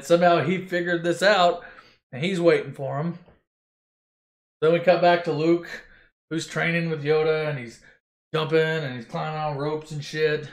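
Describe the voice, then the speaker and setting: A man with a high voice retells a movie for laughs, rambling and swearing sarcastically. The recording is roomy and echoey. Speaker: narrator. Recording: echoey room.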